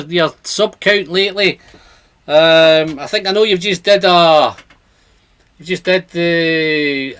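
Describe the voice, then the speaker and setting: Guy chatting on a home livestream, fairly high voice, reads out the chat. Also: fairly bright tone. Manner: chatty, reads viewer comments aloud. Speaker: whisky channel host.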